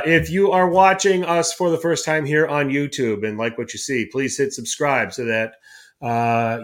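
A man co-hosting a casual soccer podcast, relaxed and a little worn out as he wraps up with plugs. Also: medium pitch. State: tired. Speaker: podcast co-host. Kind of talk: casual sports podcast chat.

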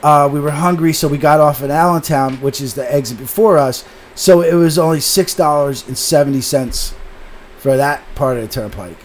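A man's voice: a little high, normal speed, a little hiss or hum. A man telling a long story in a casual podcast chat, swearing often and animatedly acting out what people said.

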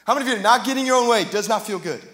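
Male pastor, higher voice, chatty sermon with bursts of passion, roomy church sound. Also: racing, fairly bright tone. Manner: conversational preaching with jokes, rising to passionate emphasis. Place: church sanctuary. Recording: echoey hall reverb.

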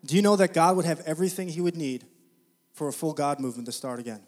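A man with a notably high voice delivers a sermon. He speaks to the congregation in a chatty, storytelling way and rises into loud, energetic preaching. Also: fairly quick. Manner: conversational, addresses the congregation directly.

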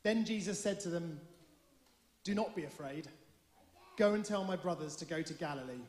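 A man giving a measured, formal Bible reading in church. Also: a little high, a little mellow. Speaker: scripture reader. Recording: echoey hall, long reverb.

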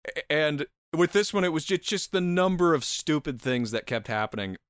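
Telling a history story on his casual podcast, this man is sarcastic and laughs a lot, swears frequently, and trips over his words. His voice is fairly high and fairly bright with a clean tone, lively intonation, and a moderate pace, captured in studio quality with no room sound.

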